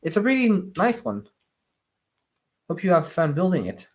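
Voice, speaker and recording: A live streamer chatting casually while building with LEGO, answering viewer comments in slightly awkward non-native English, with lots of pauses and restarts. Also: medium pitch, very animated. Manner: hesitant, many fillers and restarts.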